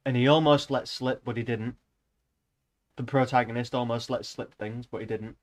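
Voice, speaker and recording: A man's voice: mid-range voice, steady tone, normal speed, slight background noise. A man streaming a casual read-aloud of a novel, breaking off into rambling, joking asides between passages.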